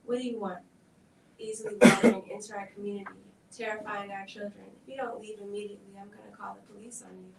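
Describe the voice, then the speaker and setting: A woman's voice: medium pitch, fairly even intonation, brisk, gravelly, crowd noise, close to an everyday voice. A woman reading as a harsh scolding mother. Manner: sharp, scolding. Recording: echoey room, distant mic.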